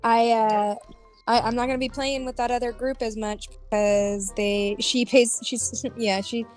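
A young woman streamer chatting with friends over a multiplayer game, excitable and quick to apologize, her voice jumping up to squeals when things go wrong. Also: on the high side, soft background music. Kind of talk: casual gaming chat.

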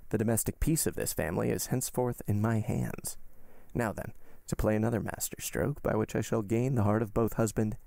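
A man voicing a suave, scheming male count who talks in quiet murmured asides. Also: on the low side, fairly even intonation, a little fast, vocal fry, no echo, clean studio sound.

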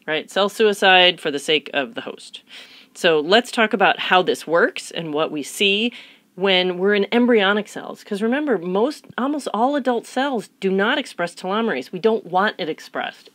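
A biology instructor with a lowish voice records a tutorial lecture in a playful, chatty style, with no echo in the sound. She rattles off rhetorical questions, answers them herself, and feigns excitement.

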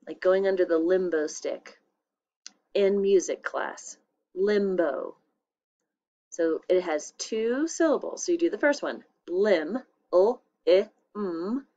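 A woman teacher giving a spelling test to young children, saying each word slowly and clearly and repeating it. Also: on the low side, dark tone, dull audio.

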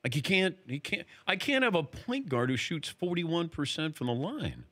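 Guy hosting a sports talk show, lively up and down voice, fires off questions. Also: a little high. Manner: quick, animated questioning. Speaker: host.

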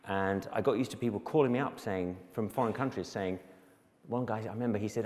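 A man's voice: lowish voice, fast talker, darkish tone, big-room sound. A man giving a storytelling talk to a school in a self-deprecating, anecdotal way, acting out the voices of other people. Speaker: guest speaker.

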